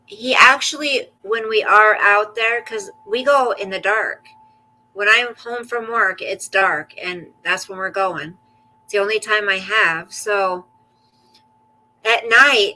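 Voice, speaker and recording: A woman's voice: mid-range voice, bright, forceful tone, low-quality recording. A woman hosting a casual livestream, chatting with viewers about her day and cooing at her dog in baby talk. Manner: reads and answers viewer comments aloud. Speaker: livestream host.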